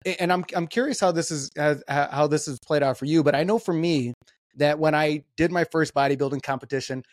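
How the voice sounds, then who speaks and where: A man's voice: fairly high pitch, fairly even intonation, fairly quick, no echo, studio quality. A man hosting a podcast in casual conversation, laid-back and swearing freely, with lots of fillers. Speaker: podcast host. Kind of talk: casual interview chat.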